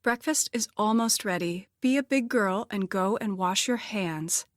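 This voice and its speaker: A woman voicing a soft-spoken widowed mother of teenagers in an audiobook, close to a dry studio mic. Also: medium pitch, unhurried, no room sound, close to an everyday voice. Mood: gentle. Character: warm widowed mother of teens.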